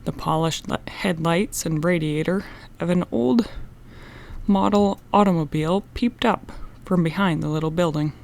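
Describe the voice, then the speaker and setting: A woman narrating a children's mystery audiobook in a steady, expressive reading. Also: lowish voice, moderate pace, vocal fry.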